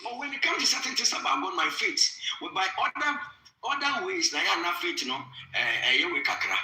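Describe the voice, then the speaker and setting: A man's voice: sits high, sing-song, brisk, sharp tone, echoey room, slight background noise, low-quality recording. A man preaching fervently on a podcast, repeating his phrases and switching into Twi. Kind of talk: preaching in talk.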